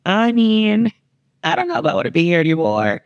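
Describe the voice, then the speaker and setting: A woman's voice: fairly quick, clean tone, no room sound, dull audio. A middle-aged woman, a mother, telling family stories in a candid podcast chat and acting out what was said. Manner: animated storyteller, acts out quotes with big pitch jumps.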